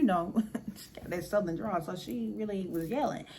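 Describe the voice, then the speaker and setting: A young woman telling a casual storytime, animated, blunt and profane, talking straight to her viewers. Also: medium pitch, normal speed. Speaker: storyteller vlogger.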